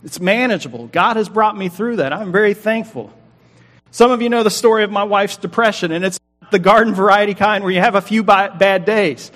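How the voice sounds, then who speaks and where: A man's voice: high-pitched, fairly bright tone. Earnest man preaching in echoing hall. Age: 40s. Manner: earnest, emphatic, slow dramatic pauses. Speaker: pastor. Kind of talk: sermon. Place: church sanctuary. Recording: long hall reverb.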